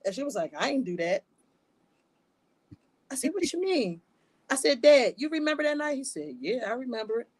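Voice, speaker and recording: A woman co-hosting a podcast, telling stories in a lively way and laughing often. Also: sits high, normal speed, pauses often, no room sound. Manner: animated storyteller, laughs often. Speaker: podcast co-host. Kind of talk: casual chat.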